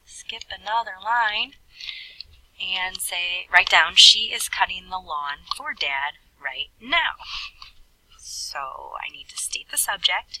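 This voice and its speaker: Teacher type: woman with a low, bright-edged husky voice, patient step-by-step explainer, recorded at a distance on a computer mic. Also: expressive, takes it slowly, slight background noise. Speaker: Spanish teacher. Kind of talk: recorded classroom lesson with screen writing.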